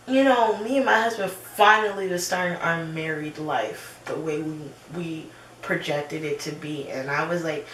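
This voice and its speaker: A woman's voice: sits low, moderate pace, a little hiss or hum. Young woman chatting in an echoey room. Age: 20s. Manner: animated storytelling with laughs. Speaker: vlogger. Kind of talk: casual personal chat. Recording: roomy echo, slightly distant mic.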